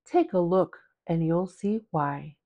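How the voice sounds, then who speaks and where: A woman's voice: fairly low pitch, animated, dark tone, muffled recording. Woman doing a glum pouting fish. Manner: slow, gloomy sing-song rhyme.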